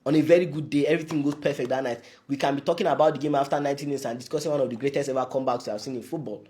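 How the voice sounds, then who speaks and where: A man hosting a sports update, calmly reasoning through a match prediction. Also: medium pitch. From Nigeria. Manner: calm, measured, reasoning aloud. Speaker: sports show host.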